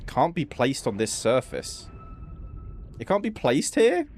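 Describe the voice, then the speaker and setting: A man's voice: medium pitch, wildly swooping pitch, slow pace, darkish tone, a little hiss or hum. A man chatting, swearing and laughing as he streams himself playing a game. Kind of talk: live gameplay commentary.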